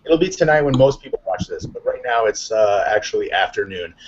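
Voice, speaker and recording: Upbeat excitable male show host. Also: mid-range voice, brisk, dull audio, slight background noise. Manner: excitable, upbeat, rambling with fillers. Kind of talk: live online chat show.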